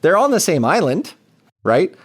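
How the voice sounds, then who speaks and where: A man's voice: high voice, very animated, normal speed. A man co-hosting a gaming podcast, chatting casually and thinking aloud with plenty of fillers. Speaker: podcast co-host.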